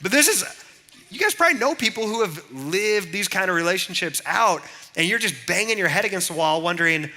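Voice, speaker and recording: A man in his thirties preaches to a youth group in a loose, chatty way, full of personal stories. His voice is very bright and sits a little high, and he keeps calling out to the crowd for answers. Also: expressive, fairly quick. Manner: chatty, storytelling, calls on the audience. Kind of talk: casual youth sermon with stories.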